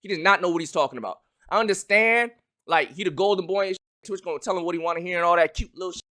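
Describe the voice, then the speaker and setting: A young man streaming live, talking in an animated, loud way and swearing a lot as he argues his point. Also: sits high, fast talker. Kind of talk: heated casual chat on a live stream.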